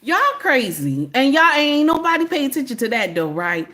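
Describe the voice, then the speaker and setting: Woman co-host, high and sassy, animated storyteller. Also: moderate pace. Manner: animated, sassy, acts out voices mid-story. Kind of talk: casual commentary chat.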